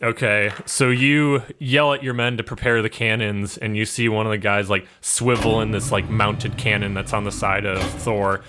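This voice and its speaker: A young man narrating as game master, describing scenes in a relaxed way with many fillers. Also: fairly low pitch, normal speed, hardly any pauses, noisy background.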